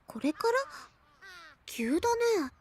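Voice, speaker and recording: A woman's voice: sits high, sing-song, moderate pace, darkish tone. A woman voicing a cheerful teenage girl in a visual novel, playful and a little flustered. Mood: teasing. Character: teasing cheerful teenage girl, caring classmate.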